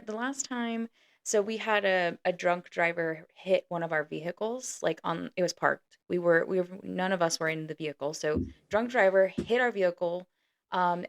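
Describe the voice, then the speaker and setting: A woman who is a guest on a podcast, talking in a casual, supportive way. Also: lowish voice. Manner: supportive, chatty, laughs easily. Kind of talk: casual chat.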